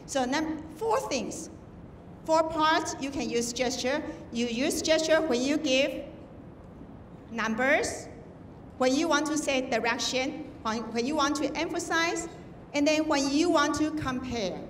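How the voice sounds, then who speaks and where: High woman judge, echoey hall. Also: a little slow, slight background noise. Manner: instructive, demonstrating with examples. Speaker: contest judge. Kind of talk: feedback speech to students. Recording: echoey hall, distant mic.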